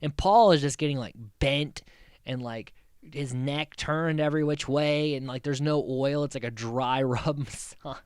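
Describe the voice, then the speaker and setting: A man talks through a show recap in a loose, rambling way, laughing often and restarting his sentences. His voice sits at an ordinary middle pitch. The sound is close and dry, with no room echo. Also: fairly even intonation, measured pace, darkish tone, clear, resonant tone. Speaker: podcast host. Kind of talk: casual recap podcast.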